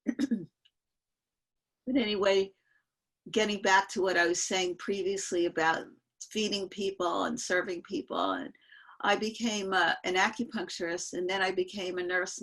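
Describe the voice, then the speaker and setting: An older woman sharing memories on a video call, speaking earnestly and haltingly with many fillers. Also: mid-range voice, fairly bright tone. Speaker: panel guest sharing memories. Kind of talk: casual storytelling on an online call.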